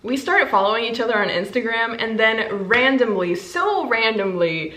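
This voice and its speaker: A woman in her twenties chatting to camera as a book vlogger, bubbly and gushing, breaking into quick bursts of excitement. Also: a little high. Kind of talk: casual chat to camera. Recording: echoey room.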